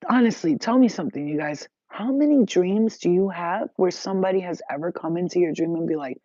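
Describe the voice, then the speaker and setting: A woman with a lowish, dark-toned voice speaks briskly with hardly any pauses, and there's no room sound. She's a spiritual vlogger venting to her viewers in an emphatic, profane, rambling monologue, captured on a dull, dry lo-fi recording.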